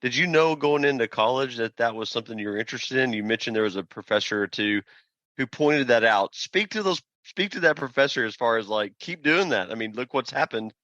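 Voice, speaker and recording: A man's voice: mid-range voice, lively intonation, a little fast, bright, forceful tone, no echo. A man hosting an interview, encouraging his guest and asking follow-up questions. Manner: encouraging, frequent affirmations. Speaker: podcast host. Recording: dull, slightly muffled dry sound.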